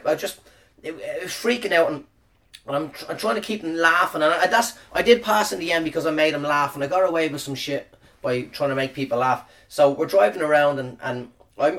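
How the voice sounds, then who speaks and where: Man, slightly high voice, casual storytelling, swearing and rambling, self-mocking, phone-recorded. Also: fairly bright tone, recorded from a distance. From Ireland. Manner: rambling, profane, self-deprecating. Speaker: podcast host. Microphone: phone camera.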